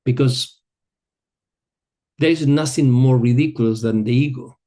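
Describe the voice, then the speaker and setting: Man with a soft, dark voice teaching yoga. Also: medium pitch, a little slow. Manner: relaxed, searching for words, non-native phrasing. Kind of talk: teaching a group, telling a personal story.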